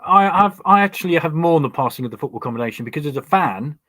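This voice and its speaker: A man's voice: a little high, animated, fast talker, bright, forceful tone. A man hosting a casual chat, prompting his guest and reading out listener questions. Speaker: host.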